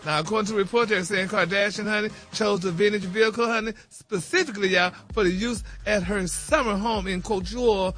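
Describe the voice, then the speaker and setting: A man reads celebrity news on a morning radio show, sassy and flamboyant, calling everyone "honey" and "y'all." His voice sits high and bright. A little music plays faintly underneath. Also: steady tone, fairly quick, few pauses.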